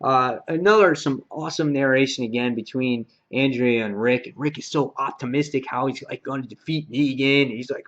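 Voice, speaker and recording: An excited man talks through a comic issue in a loose, rambling vlog style. His pitch sits in an average range, and he keeps slipping in fillers. The sound is dull and lo-fi. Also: normal speed. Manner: rambling and excited, heavy on fillers and acted quotes. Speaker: comic book reviewer. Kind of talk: casual review vlog. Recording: dull lo-fi recording.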